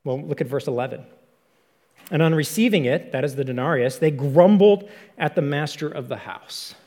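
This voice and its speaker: An earnest man preaches a sermon, working through the text and posing rhetorical questions. His voice sits a little high for a man. It rings out with a long reverb, as if he is in a large hall. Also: moderate pace, a little mellow. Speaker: pastor.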